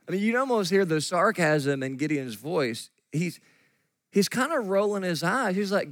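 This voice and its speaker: A man preaching a sermon as pastor, animated and acting out the voices of the people in his story. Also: a little high, moderate pace, no room sound. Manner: animated, acts out quoted voices of God and Gideon. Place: church sanctuary.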